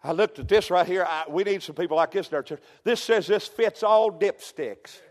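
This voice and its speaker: Pastor, high tenor, folksy sermon in a reverberant sanctuary. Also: male voice, normal speed, hardly any pauses. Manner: folksy storytelling, peppered with amen, rising to shouts. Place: church sanctuary.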